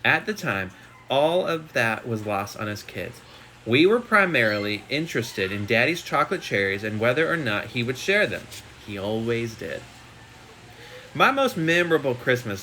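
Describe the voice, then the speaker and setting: Man, casual home read-aloud on a phone live stream; bright tone, steady reading. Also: mid-range voice, slight background noise. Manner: reads steadily with chatty asides. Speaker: shop owner reading a book aloud.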